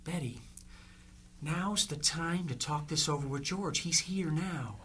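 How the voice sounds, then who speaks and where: An actor playing a psychic medium in a radio play, speaking in a slow, coaxing, soothing way. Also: medium pitch, a bit bright, slight background noise, natural voice.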